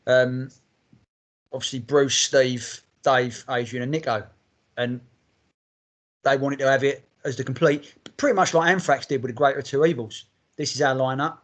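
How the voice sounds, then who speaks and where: A man's voice: medium pitch, moderate pace. A man hosting a music podcast, rambling enthusiastically and swearing freely as he talks. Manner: rambling, heavy swearing, enthusiastic fan talk. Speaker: podcast host. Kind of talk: casual chat.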